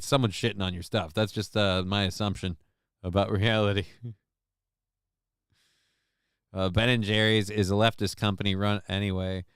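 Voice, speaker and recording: A man's voice: lowish voice, a bit bright, clean tone, no echo, clean studio sound. A man hosting a live-stream show, reading chat messages aloud and riffing with crude, sarcastic, rambling commentary.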